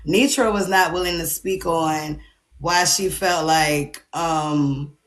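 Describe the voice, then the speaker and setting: A woman, reacting loudly with profane banter. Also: deep voice, takes it slowly. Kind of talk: casual chat.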